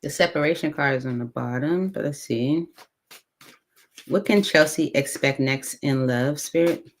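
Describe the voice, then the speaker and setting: A woman reading tarot cards aloud in a casual, chatty way, thinking out loud with many fillers. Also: deep voice, measured pace. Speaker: tarot reader.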